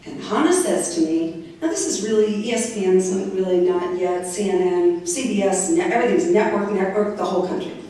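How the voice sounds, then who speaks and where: A woman in her sixties giving a lively, anecdotal talk to high school students, acting out the people in her stories. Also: moderate pace. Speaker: guest speaker. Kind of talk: storytelling speech to students. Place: large echoey high school hall. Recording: echoey hall, distant mic.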